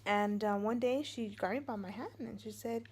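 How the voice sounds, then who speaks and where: A woman's voice: medium pitch, moderate pace, a little hiss or hum. A middle-aged woman vlogging from home, telling a personal story in a rambling, meandering way. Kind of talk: casual storytelling.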